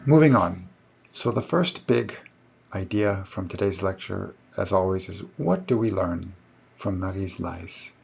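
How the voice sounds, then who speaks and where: A man's voice: deep voice, lively intonation, measured pace, creaky, a little mellow, slightly rough, highs cut off. A man giving a recorded lecture to his students, explaining step by step and correcting himself as he goes.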